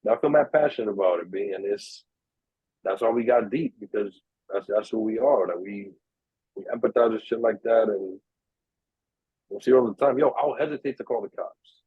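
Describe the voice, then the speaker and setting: Telling a story in casual chat, a New York podcast co-host with a husky, fairly low voice speaks at normal speed, leaving long pauses. He gets animated, acting out the people he quotes and cursing freely. There's no room sound, and the audio comes across tinny, dry and narrow like a phone line.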